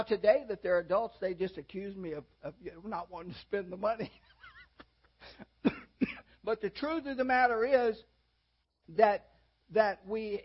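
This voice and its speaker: In a dull, lo-fi recording, an older man preaches a homespun sermon that pokes fun at himself. His voice is high and husky, and he builds toward abrupt, forceful peaks.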